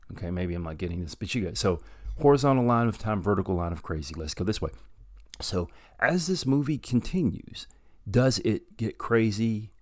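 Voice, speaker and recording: A man casually reviewing a movie to camera, animated and excitable, swinging between loud bursts and quiet asides. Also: sits low.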